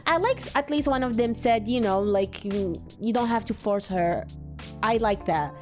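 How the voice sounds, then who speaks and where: A woman's voice: fairly high pitch, moderate pace, faint music behind. A woman hosting an anime reaction video, talking to herself casually with frequent emotional exclamations. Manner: emotional, exclaiming, thinks aloud.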